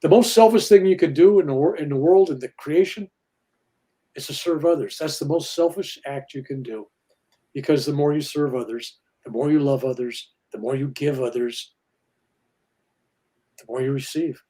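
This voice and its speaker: Older man, minister, earnest storytelling, somewhat high voice, mellow tone. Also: normal speed. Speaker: guest minister. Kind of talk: spiritual interview talk.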